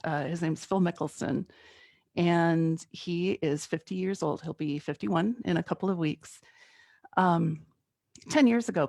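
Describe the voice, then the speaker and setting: A middle-aged woman guest speaker giving a conversational sermon, telling a personal story in an animated way and laughing at herself. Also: fairly low pitch, no room sound.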